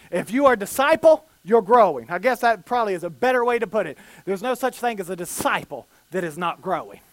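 A man preaching a sermon with fervent bursts into shouting and frequent rhetorical questions. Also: sits high, no room sound.

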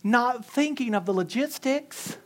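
Male preacher, animated and humorous, tells stories from the pulpit. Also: very high-pitched, a little slow, background noise. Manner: animated, humorous storytelling with chuckles. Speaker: pastor. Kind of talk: sermon.

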